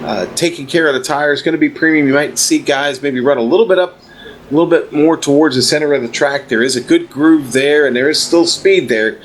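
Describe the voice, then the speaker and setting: A man doing casual, relaxed commentary for a sim racing broadcast, chatty and full of fillers. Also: a little high, fairly quick. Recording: faint background noise.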